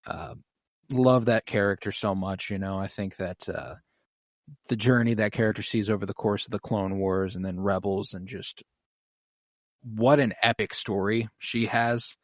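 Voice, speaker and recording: A man's voice: fairly low pitch, steady tone, measured pace, dry recording, studio quality. A man co-hosting a podcast, chatting casually and gushing with enthusiasm. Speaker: podcast co-host. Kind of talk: casual fan chat.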